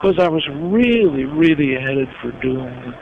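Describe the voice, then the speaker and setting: An older man from New York, a guest in an interview, telling his life story slowly and with emotion. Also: a little high, lively intonation, crowd noise. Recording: dull lo-fi recording with noise.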